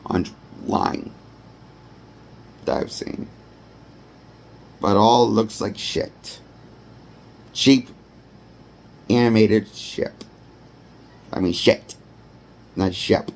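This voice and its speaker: A man's voice: fairly low pitch, takes it slowly, pauses often. A man giving a rambling, blunt and profane movie review. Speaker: movie critic. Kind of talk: ranting film review.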